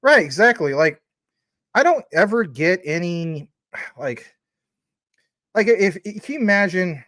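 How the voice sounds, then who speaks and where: A man's voice: high voice, expressive, measured pace, pauses often, fairly bright tone, no echo. A man in his forties hosting a casual livestream, chatting in a rambling way with lots of fillers while reading out and thanking viewers' super chats. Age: 40s. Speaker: crypto livestream host.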